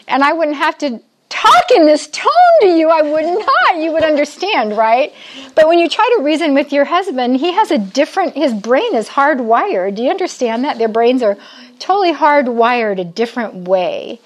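A woman's voice: high voice, sing-song, moderate pace. An older woman giving a chatty, conversational Bible teaching to a group of women, often asking her listeners questions. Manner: chatty, asks the audience questions.

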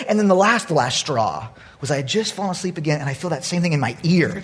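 Animated husky-voiced preacher. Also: male voice, high voice, brisk. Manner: animated storytelling, swinging between loud outbursts and hushed asides. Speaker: pastor. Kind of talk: sermon.

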